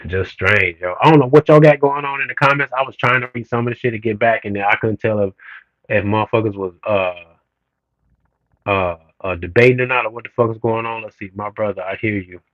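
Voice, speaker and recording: A man's voice: on the low side, fairly quick, no echo, dull audio. A man on a livestream, talking to his chat in a blunt, profane, heated rant that keeps building in emphasis. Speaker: streamer reading comments.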